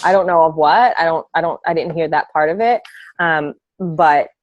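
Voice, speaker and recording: A woman's voice: low-pitched, moderate pace, lo-fi sound. A woman coach on a team call, talking casually and emphatically with lots of fillers. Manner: emphatic, filler-heavy, passionate.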